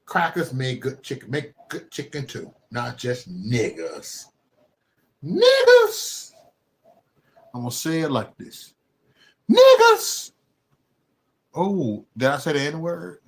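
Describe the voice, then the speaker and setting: A man from Chicago hosts a live stream in a profane, comedic rant. His voice moves in wide, lively swings of pitch. He drops to low mutters, then bursts into loud yelling. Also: a little slow, few pauses.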